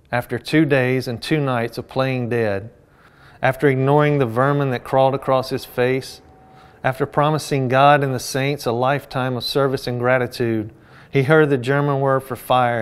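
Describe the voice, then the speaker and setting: A male author reading a passage from his own novel aloud in a measured, steady, subdued way. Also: medium pitch, smooth.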